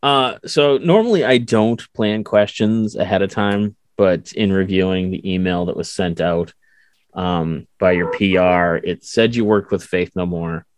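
A man with a very low voice hosts a casual interview. He rambles with fillers and restarts. The recording is dry and close. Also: a little slow, no room sound. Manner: rambling, filler-heavy speech.

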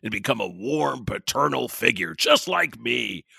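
Casting: man playing a smug older producer, gravelly and husky, swooping pitch. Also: sing-song, a little slow, bright, forceful tone, dry recording, studio quality, full character voice.

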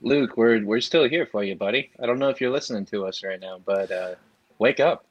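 A man's voice: on the low side, brisk, no echo, highs cut off. A man co-hosting a casual podcast chat over a video call, joking and giving strong opinions. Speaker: podcast co-host.

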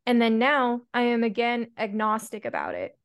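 A woman's voice: fairly high pitch, wildly swooping pitch, normal speed, clear, resonant tone. A woman hosting a podcast interview, reflecting in a casual way and asking her guest open questions. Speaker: podcast host.

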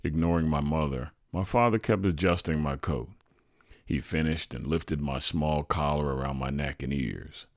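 Very deep-voiced male storyteller. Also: normal speed, no room sound, clean studio sound. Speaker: storyteller, podcast host. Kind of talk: reading a personal true story.

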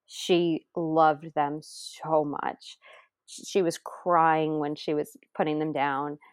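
A woman's voice: low voice, little pitch movement, takes it slowly, smooth, dry recording, clean studio sound. A woman guest telling a personal story in an earnest, tender way, sometimes dropping to a near whisper. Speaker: adoptive mother guest.

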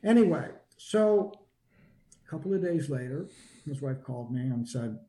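A man with a mellow, warm tone tells a personal story in an easygoing conversational way. He stops and restarts often, repeating words as he gathers his thoughts, and lifts his pitch when he acts out what other people said. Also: expressive. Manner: halting, full of repeated restarts; acts out quoted lines with shifts in pitch. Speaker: guest recounting personal experience.

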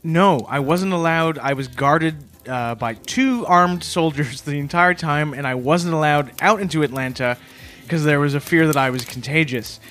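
A man co-hosting a comedy podcast, telling an absurd story in a deadpan, matter-of-fact way. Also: a little high, moderate pace, soft background music. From Canada. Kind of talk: deadpan improvised comedy chat.

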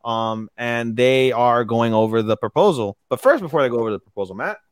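A man co-hosting an anime podcast, casually recapping episodes in a profane, animated way and acting out the characters' lines. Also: medium pitch, brisk, clear, resonant tone, dry recording, studio quality. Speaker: podcast co-host.

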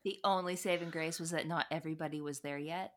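A woman's voice: low voice, fast. A woman guesting on a podcast, chatting casually and joking with easy laughter. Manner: laughs easily, relaxed joking. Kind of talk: casual chat.

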